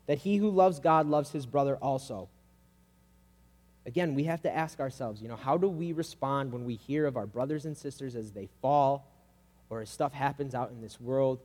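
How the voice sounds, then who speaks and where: Guy preaching a sermon, kinda high voice, super casual and chatty, lots of hall echo. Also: normal speed, dark tone. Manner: casual and conversational, acting out quoted voices. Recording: long hall reverb.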